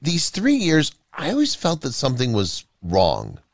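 A gentle, bewildered woman in her thirties , put on by a man in a storybook, raised high above his own voice and lively in pitch. She speaks softly and haltingly, as if unsure of her own past. The sound is dry and close. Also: gravelly, dry recording, full character voice. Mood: tender. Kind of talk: storybook character voice.

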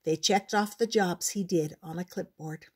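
An older woman reading a children's picture book aloud, gentle and measured. Her voice sits low and comes through husky and breathy. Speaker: storyteller. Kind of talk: storybook read-aloud.

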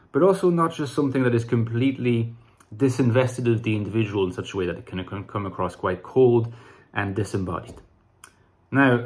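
Male channel host, solo explainer; measured, thoughtful delivery with the odd restart. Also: medium pitch. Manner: measured, reflective, with occasional restarts.

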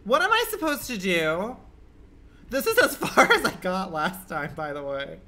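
A man's voice: huge pitch swings, unhurried, sharp tone. A man streaming live gameplay, swearing a lot and swinging between muttering and screams. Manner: profane, dramatic, swinging from low muttering to screaming. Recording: noisy stream audio.

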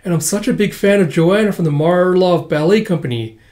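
A man's voice: high-pitched, brisk, darkish tone, voice pushed up, close to an everyday voice. A man putting on a perky teen ballerina girl. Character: cheerful, bold teenage girl ballerina.

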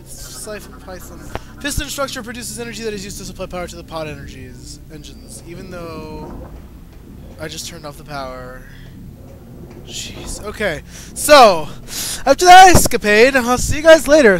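A man's voice: high-pitched, a bit bright. A young man commentating his own gameplay, panicking, yelping and pleading with the enemies on screen, then muttering as he reads and plays. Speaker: let's play gamer. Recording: game music behind the voice.

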